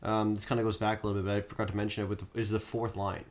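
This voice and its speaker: A man's voice: lowish voice, little pitch movement, rapid-fire. A man co-hosting a casual hockey podcast, talking through the team in an analytical, hedging way with ums. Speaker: podcast co-host.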